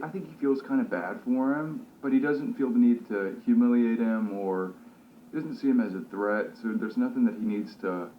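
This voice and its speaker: A male actor talking about his role in a casual interview, thoughtful and relaxed, with many fillers and restarts. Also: on the low side, a little hiss or hum. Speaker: actor discussing his character. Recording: slightly dull, roomy recording.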